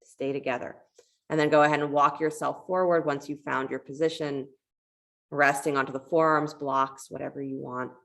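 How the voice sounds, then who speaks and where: A woman leads a yoga class in a low, gravelly voice. She talks with calm encouragement, weaving gentle cues between the poses and a story she tells. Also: normal speed. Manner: calm, encouraging cueing with a parable told in between. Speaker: yoga teacher.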